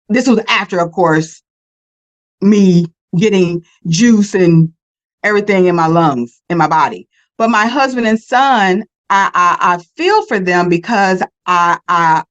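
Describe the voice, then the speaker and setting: A woman in her fifties, a podcast guest, telling her stories in an animated way and repeating words for emphasis. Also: medium pitch, highs cut off. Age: 50s. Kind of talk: casual conversation.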